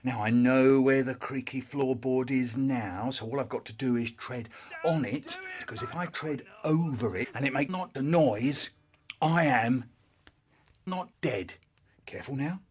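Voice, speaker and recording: A man's voice: medium pitch, a little slow, noisy background. A man telling a childhood story in sentence-mixed clips, jumping into character voices.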